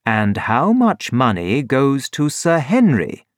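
A man voicing a calm, shrewd middle-aged detective in a storybook reading, low and measured. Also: no room sound, studio quality. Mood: thoughtful.

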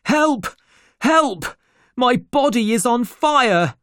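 Young doctor guy, smug, voice pitched up, man reading a storybook, very dry. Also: takes it slowly, dry recording. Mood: panicked. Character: young male doctor, pipe-smoking, pleased with himself.

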